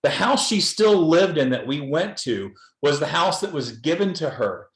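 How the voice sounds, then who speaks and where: A man's voice: on the high side, animated, moderate pace. A filmmaker from Los Angeles, a man, speaking bluntly and earnestly in a candid panel discussion, often repeating words as he goes. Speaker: documentary filmmaker guest. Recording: roomy echo.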